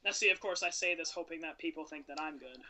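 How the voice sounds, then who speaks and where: A man's voice: on the high side, fast, pushed and bright, a little hiss or hum. A man co-hosting a casual podcast, rambling and joking about himself while talking games. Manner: rambling, self-deprecating joking. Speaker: podcast co-host, game commentator.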